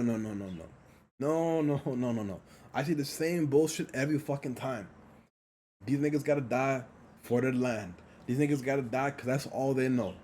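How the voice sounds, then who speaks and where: A man's voice: a little high, darkish tone, slight background noise. A young man in a blunt, heated motivational rant on his vlog, swearing constantly and repeating himself for emphasis. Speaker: vlogger.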